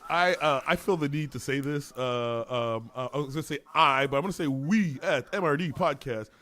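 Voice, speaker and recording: A man co-hosting a podcast in casual chat, animated, laughing often and swearing. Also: a little high, normal speed. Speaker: podcast co-host.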